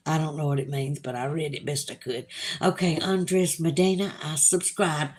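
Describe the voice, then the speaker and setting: A woman's voice: sits low, steady tone, moderate pace, a little mellow. A woman with a Southern US accent, hosting a casual livestream and reading viewers' comments aloud in a chatty, drawling way. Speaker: livestream host reading chat.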